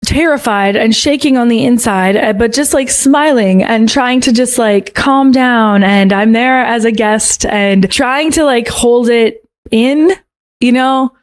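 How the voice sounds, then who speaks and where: A woman's voice: fairly high pitch, a little slow. A woman recounting a frightening personal encounter in a snarky tone, peppered with "like". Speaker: storyteller in a video clip. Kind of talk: personal storytelling.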